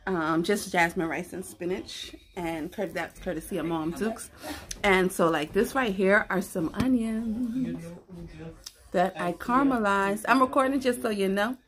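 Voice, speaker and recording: A woman's voice: mid-range voice, a little slow. Slangy, giggly woman vlogging a mukbang. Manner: relaxed, slangy, giggly, talks while eating. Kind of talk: casual eating chat to camera. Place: at home, indoors. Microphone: camera close to her face.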